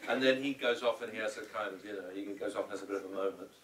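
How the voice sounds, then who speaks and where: A fairly low-pitched man answering questions after a screening, rambling through restarts and bringing quotes to life. He sounds distant in a roomy cinema hall, with faint ambient murmur. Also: racing, a crowd in the background. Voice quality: rambling, full of restarts and hesitations. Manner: animated storyteller who acts out quotes. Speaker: film director answering audience questions.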